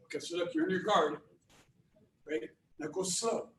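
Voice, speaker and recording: A man's voice: high-pitched, moderate pace, echoey room, far from the mic, noisy background. A man teaching a beginners' karate class, talking through moves with many restarts and "right?" checks. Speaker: karate instructor. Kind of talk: online class instruction.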